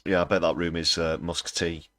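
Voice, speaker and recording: This livestream host, a man with a very deep voice, delivers political commentary in a scornful, sarcastic manner. His delivery is flat, pushed and bright, at a normal speed. The sound is close and dry, with no room sound.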